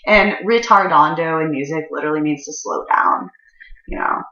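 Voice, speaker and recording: A woman's voice: deep voice, moderate pace, sharp tone. A woman telling a personal story in a casual, profane, rambling way with many fillers. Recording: roomy, slightly dull recording.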